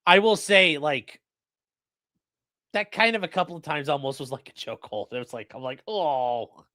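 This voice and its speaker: A man's voice: on the high side, moderate pace, background noise. A man, an attorney hosting a live stream, commenting on court footage in a profane, joking way and slipping into voices.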